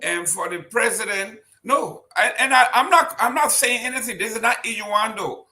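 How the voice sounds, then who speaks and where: High, bright-voiced insistent man. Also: normal speed. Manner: emphatic, insistent. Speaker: panelist. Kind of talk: political panel discussion.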